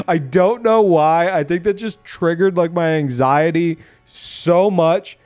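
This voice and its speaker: A man streaming a game, ranting in casual commentary, excitable and swearing, laughing as he talks. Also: high voice, unhurried, faint music behind.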